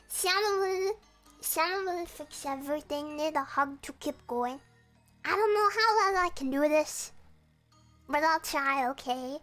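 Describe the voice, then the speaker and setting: A woman's voice: high voice, lively intonation, a little slow, a bit bright, faint music behind. A young woman chatting casually and playfully with her viewers on a stream from her room. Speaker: VTuber streamer.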